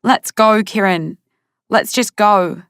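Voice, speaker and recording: A woman's voice: mid-range voice, takes it slowly, fairly bright tone, smooth, dry recording, clean studio sound, voice pushed up. A woman voicing a distressed, angry young woman who speaks urgently. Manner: urgent, emotional.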